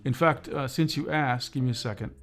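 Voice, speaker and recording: A man's voice: mid-range voice, fairly quick, fairly bright tone, soft background music. Chatty man rambling on a stream. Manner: rambling, chatty, with frequent fillers and restarts. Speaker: livestream host reviewing drawing tablets. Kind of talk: casual livestream chat with viewers.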